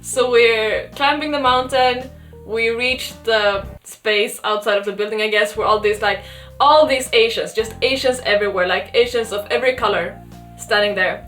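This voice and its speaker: A young woman from Sweden chats as a podcast co-host, her voice sitting fairly high. She tells stories in a lively way, giggling often. Soft music plays faintly behind her. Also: moderate pace. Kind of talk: casual storytelling chat.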